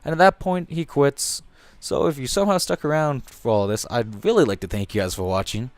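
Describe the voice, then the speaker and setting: A man's voice: mid-range voice, fairly quick, no room sound. A young man giving casual, rambling commentary over a football video game, joking and swearing freely as he narrates. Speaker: gaming commentator.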